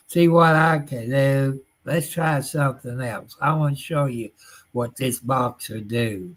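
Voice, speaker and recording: A man's voice: mid-range voice, a little slow. A man hosting a casual livestream chat, folksy and drawn out, chuckling now and then. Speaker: livestream host.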